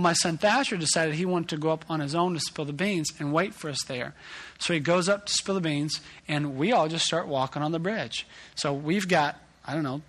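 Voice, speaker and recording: A man preaches a sermon and leads in with a lively personal story. He pokes fun at himself as a parent. His voice sits slightly higher than most men's. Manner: animated storytelling, self-deprecating. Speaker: pastor.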